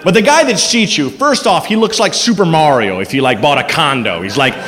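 A man doing a stand-up comedy set, animated and bursting into silly character voices. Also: on the high side, a little fast, a faint crowd. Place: comedy club stage, live audience. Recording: live club with reverb and background noise.

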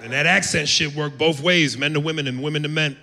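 A man with a gravelly edge works a comedy club stage, brash and profane, slipping into voices. The sound is a live mic in a hall with a long echo and steady room noise behind him. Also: a little high, fast. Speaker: stand-up comedian. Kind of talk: stand-up set.

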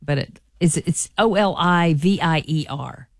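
A woman's voice: low voice, unhurried, dry recording, clean studio sound. Chatty woman radio host. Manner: chatty, folksy, enthusiastic. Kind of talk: morning radio entertainment chat.

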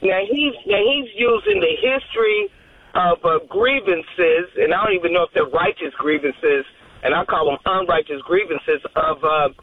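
A woman's voice: fairly low pitch, animated, moderate pace, husky. Woman rambling on a tinny phone line. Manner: rambling, loses her train of thought. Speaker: radio show caller. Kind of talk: call-in phone conversation.

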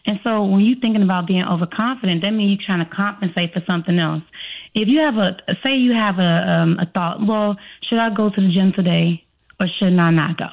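A woman's voice: medium pitch, a little fast. A woman from Chicago with a slight Chicago accent, a coach answering interview questions and acting out her own inner dialogue. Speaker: self-trust coach, guest. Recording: tinny phone-like line.

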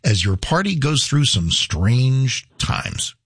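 Male radio host, animated and stammering, husky voice, dry studio sound. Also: mid-range voice, slow pace, no room sound. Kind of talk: talk radio conversation.

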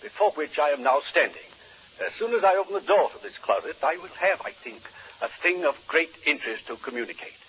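A formal, precise doctor investigating a haunted room, voiced by a man, giving his report in stiff, measured phrases. His fairly high voice rises and falls a lot, and it comes through a dull, lo-fi old radio recording with faint hiss. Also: expressive, lightly acted. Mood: earnest. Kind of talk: 1940s radio drama acting.

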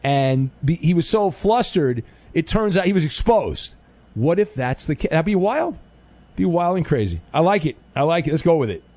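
A man hosting a call-in radio show in casual banter, animated and quick to joke, stammering when flustered. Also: a little high, no room sound.

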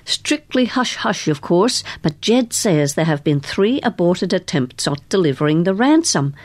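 A woman's voice: lowish voice, big pitch swings, a little slow. A woman voicing a chatty male office worker who relishes passing on gossip. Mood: gossipy.

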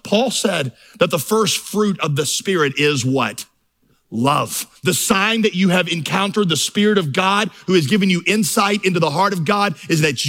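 A middle-aged man delivers a sermon as pastor, with a voice that sits a little high. He tells stories in a relaxed way and then climbs into fervent, rising lists. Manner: storytelling, building to fervent crescendos.

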